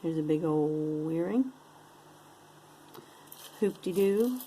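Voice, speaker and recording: A woman's voice: sits low, lively intonation, slow, dark tone, slight background noise, poor audio. A woman casually showing and describing jewelry pieces one by one, with playful sing-song asides. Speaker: jewelry unboxing vlogger. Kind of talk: casual show-and-tell commentary.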